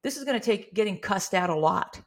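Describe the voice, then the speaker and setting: Training her staff at work, a middle-aged woman who owns the business speaks fairly quickly in a mid-range voice, earnest and steady like a veteran of hundreds of difficult calls. She gently role-plays courteous customer-service lines to show how they should sound.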